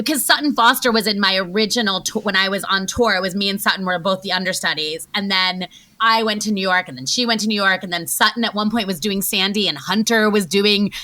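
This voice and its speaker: A woman in her forties tells stories in an interview, chatty and animated with lots of filler words. Her voice is bright and sits at a middle pitch. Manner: chatty, rapid, many "like"s and acted-out quotes. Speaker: guest actress. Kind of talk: casual interview storytelling.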